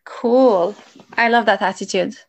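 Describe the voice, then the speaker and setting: A woman's voice: medium pitch, unhurried. A woman interviewing a songwriter, enthusiastic and searching for words as she asks her questions. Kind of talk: casual interview.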